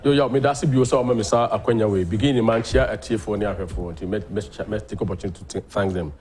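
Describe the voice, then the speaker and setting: A Ghanaian man hosting a political talk show, delivering animated commentary that mixes Twi and English. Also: on the low side, fast, a little hiss or hum. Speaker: host.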